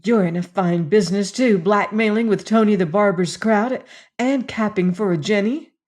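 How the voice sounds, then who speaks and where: A woman's voice: mid-range voice, darkish tone, lightly acted. Woman reading as a bitter tearful young woman. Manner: bitter, emotional, halting. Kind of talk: audiobook character voice.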